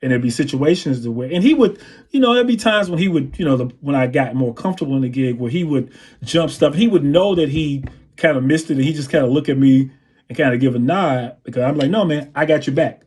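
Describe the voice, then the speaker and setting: A man, a drummer and guest on an interview show, telling anecdotes in a relaxed way and scatting drum patterns. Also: mid-range voice, quick pace, husky. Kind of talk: interview storytelling.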